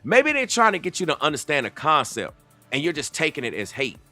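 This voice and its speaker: Bright-voiced man lecturing confrontationally. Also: fairly high pitch, huge pitch swings, fairly quick, soft background music. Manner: confrontational, lecturing, addresses the clip directly. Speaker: reaction commentator. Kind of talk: reaction commentary.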